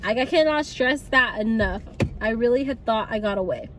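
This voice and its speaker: Young woman, high bright voice, chatty storytime delivery, faint road noise behind. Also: normal speed. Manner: chatty, animated, laughs often. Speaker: vlogger. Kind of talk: casual storytime.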